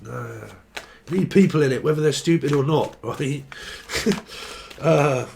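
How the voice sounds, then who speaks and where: A man's voice: a little high, measured pace, vocal fry, darkish tone, a little hiss or hum. A young man giving a casual tarot reading, joking, rambling and swearing freely. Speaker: tarot reader.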